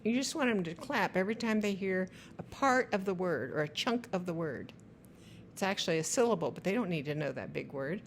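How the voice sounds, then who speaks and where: A woman explains at an unhurried pace how to guide a child through word sounds. Her voice sits a little lower than most women's, and she breaks words into their separate sounds with patient clarity. Her narration is steady and instructional. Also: a little hiss or hum. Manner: slow, careful, spells out word sounds. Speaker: teacher.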